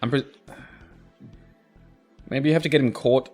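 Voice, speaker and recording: A man co-hosting casual let's-play commentary, full of crude jokes and quick giggles as he asks about the game. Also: mid-range voice, a little mellow, soft background music. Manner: jokey, giggly, crude quips. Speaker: co-host watching the game.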